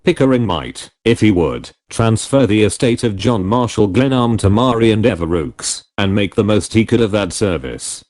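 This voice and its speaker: Male audiobook narrator, low, animated storytelling voice. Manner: expressive first-person storytelling. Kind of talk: scripted narration.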